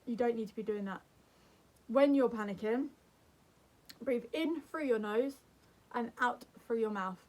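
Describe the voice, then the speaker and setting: Young woman talking to camera, soft and soothing, pitched a bit high. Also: measured pace. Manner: gentle, earnest, soothing. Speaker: mental health vlogger. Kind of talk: calm advice talk to camera.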